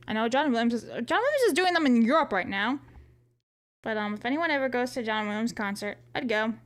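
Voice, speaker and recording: A woman's voice: fairly high pitch, animated, brisk. A woman streamer chatting casually on a live stream, reading viewers' chat aloud and answering in a joking, profane way.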